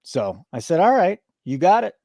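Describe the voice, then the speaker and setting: A man hosts a sports betting show, his voice bouncing up and down as he jokes and plays mock-offended. He sits a little high for a man and sounds close and dry. It is loose, fast-moving banter. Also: gravelly, dry recording. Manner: animated, joking, mock-indignant. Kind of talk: casual betting podcast banter.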